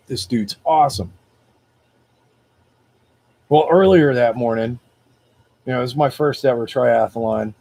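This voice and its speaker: A man hosting a motivational video, telling a personal story in a casual, animated, slangy way. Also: medium pitch, unhurried, pauses often. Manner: greets viewers live by name.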